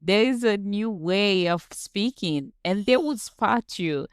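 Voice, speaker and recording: A woman from Haiti, a guest on a podcast, speaking in a measured, thoughtful way and often restarting her sentences. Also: mid-range voice, lively intonation, clear, resonant tone, no echo, clean studio sound. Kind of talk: casual conversational interview.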